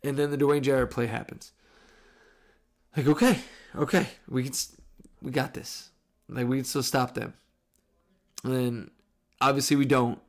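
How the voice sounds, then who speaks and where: A man in his thirties tells a story on his podcast, loose and profane, with a mid-range voice. He is lively and drops swears freely, and he acts out what people said in the story. He sounds like he is chatting with friends. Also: medium pitch, normal speed, long pauses. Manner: animated, profane storytelling with acted quotes. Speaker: podcast host. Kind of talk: casual storytelling.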